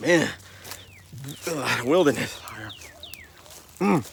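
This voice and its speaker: A man's voice: fairly high pitch, measured pace, long pauses, fairly bright tone, a little hiss or hum. A man doing a rambling comedy nature-walk vlog, out of breath and sighing between lines. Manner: breathless, rambling, Southern-flavored slang. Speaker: vlogger doing a comedy skit. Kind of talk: casual mock nature vlog.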